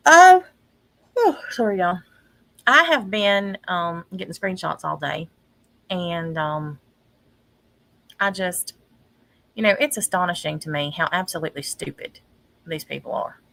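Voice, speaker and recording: A woman's bright, gravelly voice, full of vocal fry, in an exasperated rant for her livestream. She talks slowly and stops often to say um. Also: fairly low pitch, lively intonation, no room sound, rough recording. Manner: exasperated ranting with frequent ums and pauses. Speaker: online commentator. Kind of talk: casual livestream commentary.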